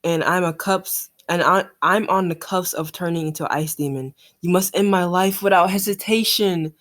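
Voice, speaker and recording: A solemn, dying old yakuza boss gives his parting words, read aloud by a woman from a comic. The reading stumbles over words and keeps a fairly low pitch. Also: moderate pace, a bit bright, lightly acted.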